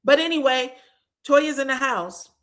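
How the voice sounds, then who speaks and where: A woman's voice: high voice, a little slow. A woman giving a casual gossip recap of a reality show, acting out the cast's lines with frank cursing. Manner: animated, acts out quotes, frank cursing.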